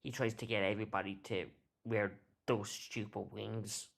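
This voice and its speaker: A man's voice: lowish voice, little pitch movement, normal speed, gravelly, fairly bright tone. A man voicing a small bossy pixie who collects tickets, snippy and grumbling, for a tabletop game.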